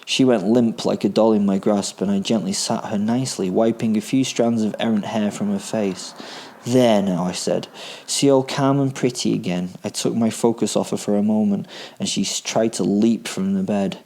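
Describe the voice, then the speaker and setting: A man's voice: on the low side, steady tone, normal speed, mellow. A man narrating a first-person horror story in a dry, darkly comic, matter-of-fact way. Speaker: podcast host and narrator.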